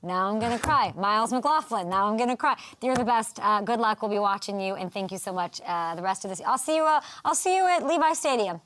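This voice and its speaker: A woman's voice: medium pitch, animated, brisk, few pauses, a bit bright. A woman in her thirties hosting a sports talk show, bubbly and chatty, laughing often as she interviews a guest. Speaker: host.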